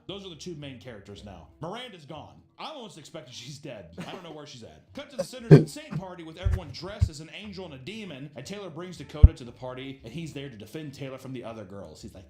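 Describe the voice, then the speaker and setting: A man's voice: a little high, sing-song, quick pace, echoey room, a little hiss or hum. A man streaming casual, sarcastic commentary on a reality show, laughing often and swearing.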